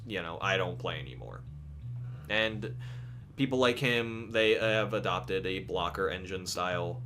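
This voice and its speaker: A man's voice: lowish voice, slight background noise. A young man talking casually about games in a vlog, swearing freely and stumbling over restarts. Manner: animated, profane, stumbling restarts. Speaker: gaming video creator. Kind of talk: casual gaming vlog commentary.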